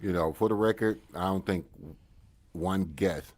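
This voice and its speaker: A man's voice: low voice, unhurried, a little mellow. Easygoing man co-hosting a podcast. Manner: repeats himself, easygoing slang. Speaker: podcast co-host. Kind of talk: casual interview chat.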